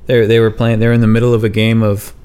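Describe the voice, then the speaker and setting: A man co-hosting a comedy podcast, improvising a story in a playful, deadpan way. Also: on the low side, quick pace, clean tone. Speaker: podcast co-host.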